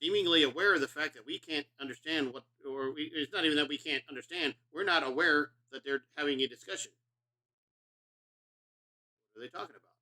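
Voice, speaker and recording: A middle-aged man doing casual gameplay commentary, rambling and profane with a self-mocking streak. His voice is slightly high, with a very bright, forceful edge. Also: fast, hardly any pauses.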